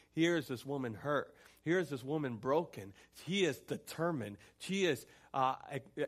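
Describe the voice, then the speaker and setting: A pastor preaches to his congregation in a church sanctuary, his voice sitting a little high for a man. He works through repeated pleading lines, building in intensity as he goes. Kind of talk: sermon.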